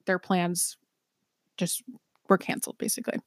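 A woman's voice: on the low side, completely flat delivery, no room sound, studio quality. A woman co-hosting a podcast, telling a true-crime case casually with many ums and restarts. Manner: chatty, many ums, swears, quick laughs. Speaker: podcast co-host.

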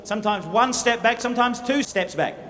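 A man giving a motivational speech at a business event, animated, humorous and dramatic in his storytelling. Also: very high-pitched, a little fast. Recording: echoey hall with faint noise.

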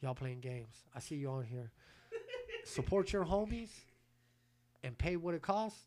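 A man with a slightly high voice hosts a loose podcast conversation. He talks in street slang with plenty of swearing. He stumbles through repeated starts before getting his point out. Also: huge pitch swings, unhurried, crowd noise. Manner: slangy, profane, stammers on restarts. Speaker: podcast host. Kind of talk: casual podcast chat.

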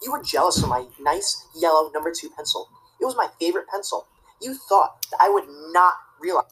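A woman's voice: on the low side, lively intonation, brisk, fairly bright tone, breathy edge, poor audio. A woman acting a prissy, rule-obsessed teacher's pet student in a comedy sketch, tattling and preaching about the rules. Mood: tattling, indignant. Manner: tattling, self-righteous and preachy.

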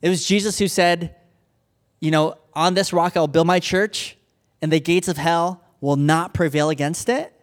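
Man, pastor, casual sermon, slightly high voice, plays out characters. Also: steady tone, moderate pace. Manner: casual storytelling, acts out characters.

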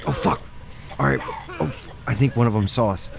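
A man's voice: medium pitch, moderate pace, creaky, over a noisy crowd. A young man joking and swearing through casual gaming banter with friends. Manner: joking, excitable, swears a lot. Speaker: gamer.

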